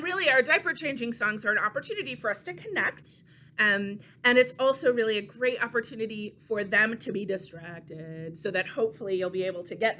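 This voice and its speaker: A young adult woman works as a children's librarian, leading a baby storytime with songs and puppets. She sounds gentle and playful in a sing-song way, with a mid-range voice and slight background noise.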